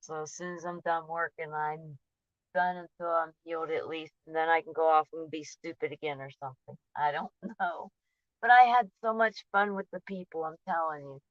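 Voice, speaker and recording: Rambling lower-voiced woman vlogging. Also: steady tone, normal speed, no echo. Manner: rambling, trails off and restarts mid-thought; candid and emotionally open. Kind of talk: casual personal vlog. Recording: dull, dry lo-fi recording.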